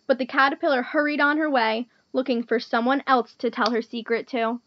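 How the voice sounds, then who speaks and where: A woman reading a picture book aloud to children, clear and gentle like a teacher. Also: fairly high pitch, fairly even intonation, a little fast, few pauses, no room sound, highs cut off. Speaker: storytime reader.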